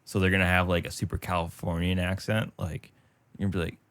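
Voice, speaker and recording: A man's voice: sits low, level tone, fast talker, fairly bright tone. A man from Michigan, a comedian guest, chatting casually and riffing in a rambling, joking way with some swearing. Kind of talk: casual chat.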